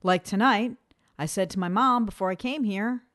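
A woman's voice: medium pitch, moderate pace, fairly bright tone. A woman co-hosting a casual podcast chat, teasing and giggling often, with some swearing. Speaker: podcast co-host.

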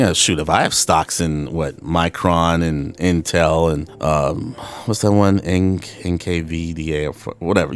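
A man hosting a solo podcast, rambling and swearing with frequent laughs, slipping into voices when he quotes people. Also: low-pitched. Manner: rambling, profane, laughs often; acts out voices in quoted dialogue. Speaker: podcast host. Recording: faint guitar music in background.

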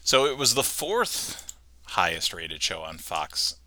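Lively, bright-toned man on a podcast. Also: deep voice, slow pace, no room sound. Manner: joking, reads out episode facts. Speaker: podcast co-host. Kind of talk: casual chat.

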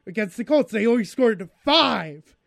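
High-voiced man reeling off stats. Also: lively intonation, a little slow, vocal fry, a bit bright, dry recording. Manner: lists stats, hesitant fillers. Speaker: sports radio co-host. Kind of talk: casual sports talk.

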